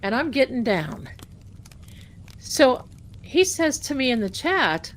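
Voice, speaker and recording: A woman talks from her desk at home on a livestream, her slightly high voice swinging widely up and down as she spins a funny personal story. She takes her time over each line. A faint hum of room ambience sits behind her. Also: measured pace, pauses often. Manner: chatty, animated, laughing at her own story. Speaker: tarot livestream host. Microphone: desk mic at home.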